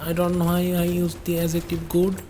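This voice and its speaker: A woman's voice: on the low side, monotone, moderate pace, dark tone, slight background noise. A woman commenting on her game during a livestream, musing aloud and rambling in asides to her chat. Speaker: game streamer.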